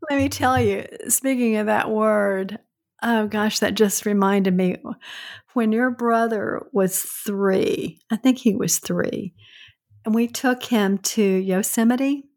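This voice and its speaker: An older woman co-hosting a podcast with her son, telling stories in an unhurried way and laughing easily. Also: mid-range voice, a little mellow. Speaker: podcast co-host, host's mother. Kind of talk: casual chat.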